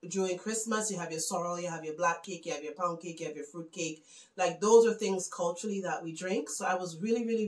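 A woman in her thirties from the West Indies, chatting casually and warmly gushing to viewers as she shows her Christmas gifts. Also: medium pitch, reverberant, low-quality recording. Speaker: home vlogger. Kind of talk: casual gift show-and-tell.

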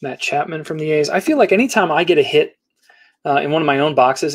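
A man's voice: fairly high pitch, a little fast, husky. A middle-aged man hosting a casual live card break, rattling off player names and teams as he opens packs.

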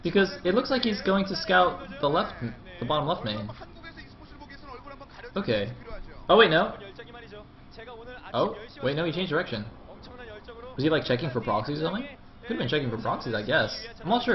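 A man's voice: a little high, very animated, brisk, pauses often, lo-fi sound. A man casting a game match in a casual, rambling way, often mocking himself and swearing. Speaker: amateur esports caster.

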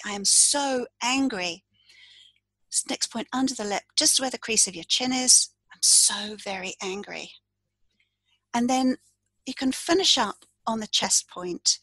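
A woman coach walks the listener through a tapping routine point by point, calm and instructive, speaking the tapping phrases aloud. Her voice has a soft, slightly breathy grain at a middle pitch. The sound is dry and close, with no room around it. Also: no room sound, low-quality recording. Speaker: coach and tapping practitioner, podcast guest. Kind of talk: guided tapping demonstration.

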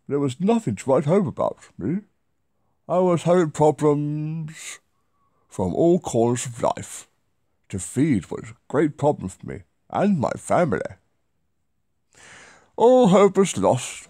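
A man's voice: medium pitch, warm tone, no echo, studio quality. A man voicing a posh, middle-class old man reading out a message in a pompous, theatrical way.

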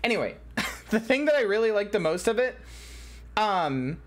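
A woman live-streaming in casual chat, excitable and very animated, swearing and repeating herself as she talks. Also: medium pitch, moderate pace.

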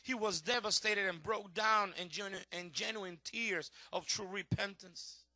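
In a high-pitched voice at a measured pace, a middle-aged male pastor delivers a fervent sermon that swings from shouts to hushed tones. His English grammar is slightly non-native, and the recording is dry.

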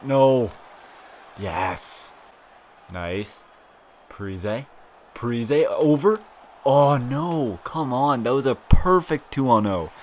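A young man giving live gameplay commentary for his channel, swinging from low grumbling frustration to loud excited shouting, with frequent swearing. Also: slow pace, pauses often, a faint crowd, slight background noise. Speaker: gaming YouTuber.

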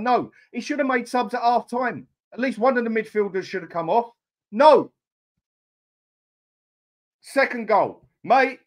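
A furious man in middle age tears into his team's tactics with blunt, sweary anger. His voice sits high for a man, and he sounds openly fuming as he rants to his live audience. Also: a bit bright. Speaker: fan channel host. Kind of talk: angry live-stream football rant.

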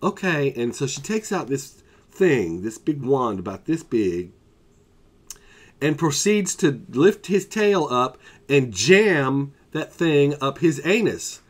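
A man telling a story in a casual vlog, with a voice that swings up and down a lot. He rambles and stacks fillers and side comments. His pitch sits in a middle range. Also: takes it slowly, slightly rough. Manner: animated, rambling with fillers and asides.

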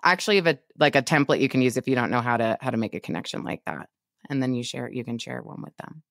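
A woman co-hosting a podcast, giving animated business coaching in a casual chat over a remote call, laughing often. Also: very deep voice, fast talker, vocal fry, no echo, studio quality. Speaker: podcast co-host.

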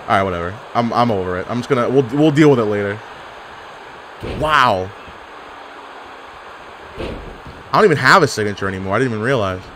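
A young man calls his online wrestling game live, and his pitch swings widely as he reacts. His tone is sarcastic and full of trash talk. There is a faint hum of noise behind him. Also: animated, fairly quick, pauses often. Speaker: gaming YouTuber. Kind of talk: live gameplay commentary.

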